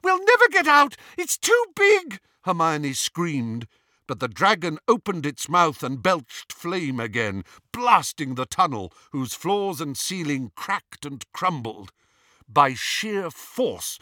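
Male audiobook reader, dramatic delivery, slightly high voice, dry close sound. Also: no room sound. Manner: dramatic, expressive reading with acted shouts. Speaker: audiobook narrator. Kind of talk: scripted audiobook narration.

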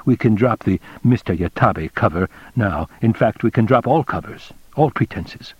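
Brief: inward-muttering worried man, read by a man, low husky voice, dry lo-fi. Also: lively intonation, moderate pace, dry recording. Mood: relieved musing. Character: worried man brooding to himself. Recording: dull dry lo-fi recording.

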